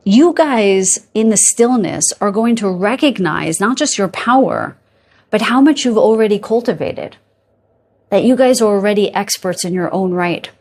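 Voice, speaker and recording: A woman with a medium-pitched, somewhat dark voice gives viewers a relaxed tarot reading. She rambles into asides, yawns and laughs, and regularly checks in with "okay?" and "you guys."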